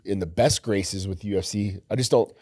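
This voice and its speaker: Man, podcast co-host, low pitch, dry close sound, easygoing. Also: moderate pace, darkish tone, no room sound. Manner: easygoing, short agreeing replies, swears. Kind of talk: casual podcast chat.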